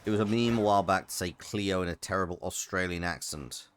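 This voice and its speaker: A man's voice: deep voice, a little fast, fairly bright tone, slight background noise. A man streaming a game live, chatting casually and reading out chat messages between plays. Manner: chatty, rambling, reads chat aloud. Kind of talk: casual live gaming commentary.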